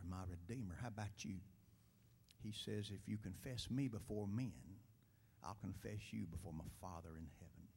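A man dramatically reciting a poem in church, swinging from loud declarations to hushed whispers. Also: on the low side, slightly rough.

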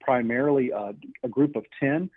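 A man's voice: mid-range voice, moderate pace, breathy edge, dry recording. A man being interviewed as an author, talking earnestly with many fillers and restarts. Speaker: author guest. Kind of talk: interview on a phone line. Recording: tinny phone line.

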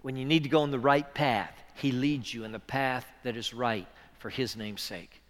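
A man preaching a sermon as pastor, earnest, moving between hushed passages and loud, swelling ones. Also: mid-range voice, steady tone, normal speed, long reverb tail.

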